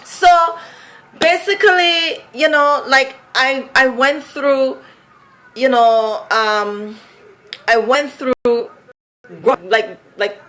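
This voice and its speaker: Talking very slowly and in a steady tone, a Vincentian-accented adult woman from Saint Vincent tells a personal story in a relaxed, chatty style, scattering "like" and "you know" throughout. Her voice is a little high and fairly bright.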